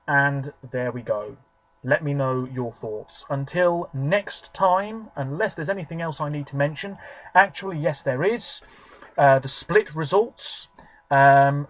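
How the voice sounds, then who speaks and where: A man in his twenties reviews something on camera in a casual solo monologue, rambling chattily with plenty of fillers. His voice is on the high side, and the audio is poor.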